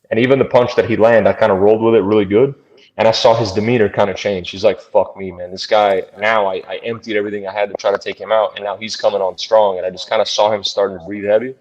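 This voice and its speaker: Fast-talking fighter, blunt and profane. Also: male voice, on the low side, muffled recording. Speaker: bare knuckle fighter being interviewed. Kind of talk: casual storytelling interview.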